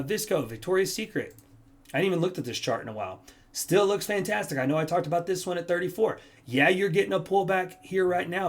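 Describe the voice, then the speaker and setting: A man casually talking viewers through stock charts, energetic and rambling, correcting himself as he goes. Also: a little high. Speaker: stock trading youtuber. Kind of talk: casual chart analysis talk.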